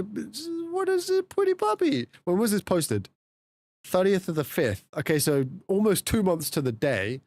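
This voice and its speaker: Male streamer, lively pitch swings, casual chatter. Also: no echo. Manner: chatty, laughing, swings between low mutters and high exclamations. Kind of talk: casual live-stream chat.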